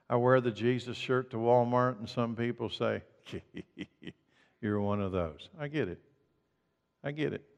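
A man preaching a sermon as pastor, emphatic and swinging from loud declarations to hushed lines. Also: medium pitch, in a large hall.

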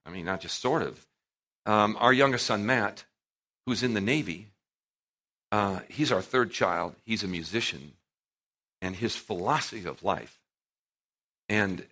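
A middle-aged man preaching a sermon to a live audience, telling stories with animated swings in volume and acting out what people said. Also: on the low side, a little slow, pauses often. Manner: animated storytelling, acting out quotes with big swings in loudness.

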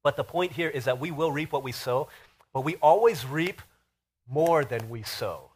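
A man preaching a sermon as pastor, telling stories in an animated, emphatic way. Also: fairly high pitch, moderate pace, breathy edge. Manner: animated storytelling with rising emphasis.

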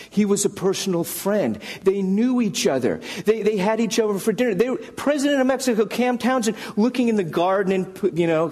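A man's voice: on the high side, darkish tone, slightly rough, big-room sound. A man preaching a conversational sermon, telling stories and acting out the people in them with their own voices. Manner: conversational, acts out quoted characters with voices. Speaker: pastor. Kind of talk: sermon with storytelling.

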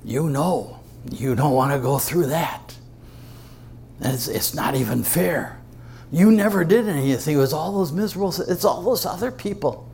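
A sly male devil murmurs temptations in a hushed, coaxing whisper, as a preacher acts him out. The voice is gravelly and low-set. Faint noise sits behind it. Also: animated, normal speed. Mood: wheedling.

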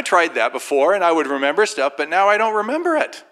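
A man shares a personal faith testimony in a loose, conversational way. His voice is bright and forceful, and he brings his stories to life by acting out the people in them. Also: on the high side, fast. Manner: animated storyteller who acts out other people's voices. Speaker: Christian speaker sharing a personal testimony. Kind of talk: informal faith testimony storytelling.

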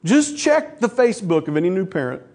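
Middle-aged preacher guy, pretty high voice, animated storytelling sermon. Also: fairly quick. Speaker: pastor.

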